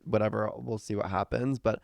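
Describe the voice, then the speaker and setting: A man co-hosting a podcast, chatting casually and telling gossipy stories with lively impressions of friends. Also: lowish voice, fairly quick, gravelly, no echo. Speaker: podcast co-host. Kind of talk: casual chat.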